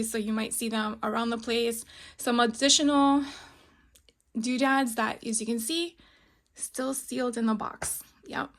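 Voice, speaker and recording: A middle-aged woman walks viewers around her home craft room, talking casually with plenty of ums and small laughs. Her voice sits a touch high and sounds bright and forward, and she is a little out of breath as she moves the phone around. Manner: chatty, frequent ums, light laughs. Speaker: craft vlogger.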